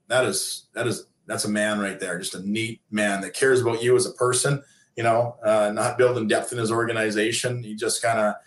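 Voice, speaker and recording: A man's voice: lowish voice, fairly bright tone. A man in his fifties, a former pro athlete turned coach, telling long stories casually with many fillers and restarts. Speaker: interview guest, former pro hockey player turned coach. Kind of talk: casual storytelling. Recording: echoey room.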